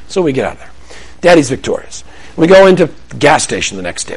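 A man preaching on parenting to a live audience, animated and conversational, acting out scenes. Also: mid-range voice, rapid-fire, slightly rough. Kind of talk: sermon-style teaching to a live audience.

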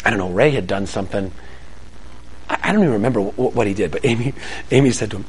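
A man's voice: lowish voice, quick pace, long pauses, slightly rough, rough recording. A middle-aged man giving a Christian parenting talk to a live audience, telling family stories with humor and acting out the dialogue. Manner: animated storytelling, acts out family dialogue; humorous, self-deprecating asides. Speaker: parenting speaker. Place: room with an audience.

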